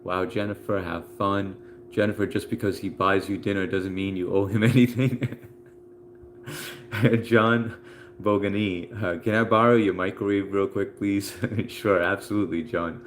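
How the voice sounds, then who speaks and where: A man's voice: lowish voice, fairly even intonation, normal speed, a little hiss or hum. A man hosting a casual live stream from home, reading out viewer comments in a laid-back, chatty way with plenty of fillers.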